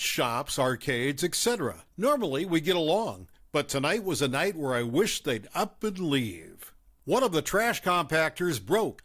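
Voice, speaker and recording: Lively male story narrator. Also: on the high side. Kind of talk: reading stories aloud.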